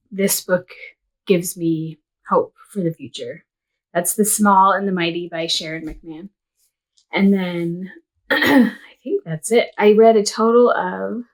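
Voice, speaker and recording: A woman in her thirties talks slowly and thoughtfully about her reading and crafts, filling gaps with soft ums and small laughs. She sometimes grows emotional and near tears, yet keeps a gentle, casual tone. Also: on the low side. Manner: unhurried, reflective, with many ums and soft laughs. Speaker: vlogger, homeschool mom.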